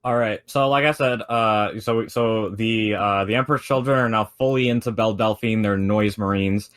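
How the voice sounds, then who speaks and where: A man's voice: on the low side, moderate pace, fairly bright tone, no echo. A man in casual chat, explaining lore in a laid-back way with many fillers.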